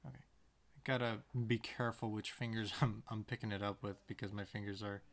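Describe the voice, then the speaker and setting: Gravelly-voiced man chatting while painting. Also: fairly low pitch, fairly even intonation, a little fast, a bit bright. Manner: rambling, talks to himself, playful sound words. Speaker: painter and video maker. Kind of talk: casual narration while painting.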